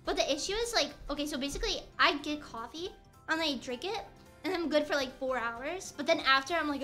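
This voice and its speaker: A woman's voice: sits high, lively intonation, a little fast, bright, forceful tone, faint music behind. A young woman streamer chatting playfully and rambling while she crafts on stream.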